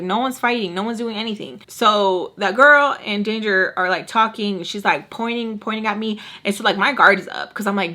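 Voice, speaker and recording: A young woman telling a casual storytime, chatty and animated, swearing freely and filling talk with "like". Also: mid-range voice, brisk. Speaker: storytime vlogger.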